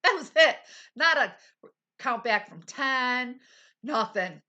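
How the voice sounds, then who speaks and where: A woman's voice: high voice, slow, lo-fi sound. A woman in her forties telling viewers a personal story in casual talk, acting out what people said and dropping into whispers. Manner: animated retelling, acting out quotes, drops to whispers. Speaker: vlogger.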